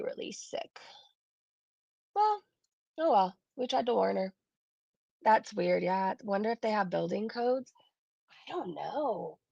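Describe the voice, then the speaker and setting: A woman's voice: mid-range voice, creaky, dry recording, lo-fi sound. A woman hosting a casual reaction commentary, sarcastic and blunt, who swears freely and laughs through her remarks. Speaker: reaction channel host.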